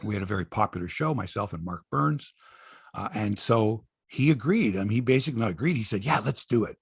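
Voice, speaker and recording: A man in his sixties hosting a sports podcast, telling stories in a casual, animated way and acting out quotes. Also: lowish voice, a little fast, breathy edge, no room sound. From Canada. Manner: animated storyteller, acts out quotes, swears freely. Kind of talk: casual sports chat and storytelling.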